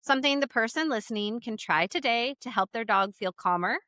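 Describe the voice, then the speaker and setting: A woman's voice: fairly high pitch, brisk, sharp tone, no room sound, studio quality. A woman hosting a podcast, asking an interview guest questions in an upbeat, enthusiastic way. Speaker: podcast host.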